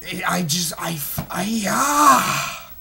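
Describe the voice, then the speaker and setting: A man's voice: a little high, animated, moderate pace, a crowd in the background. A man in his twenties reviewing a movie in an agitated, heavily profane rant, full of stumbling restarts. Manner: smoking while talking.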